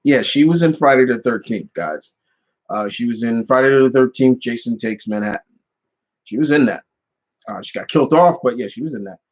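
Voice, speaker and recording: A man's voice: mid-range voice, animated, brisk, darkish tone, dull audio. A man casually answering viewer questions on his channel, rambling with many restarts and fillers. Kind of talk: casual live Q&A chat.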